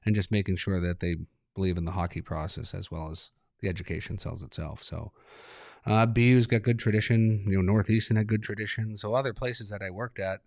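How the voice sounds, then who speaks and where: Man, deep voice, relaxed rambling guest, dry close sound. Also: fairly quick, creaky, no echo. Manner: laid-back, rambling, laughs while telling stories. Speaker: hockey coach, guest. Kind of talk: relaxed interview talk.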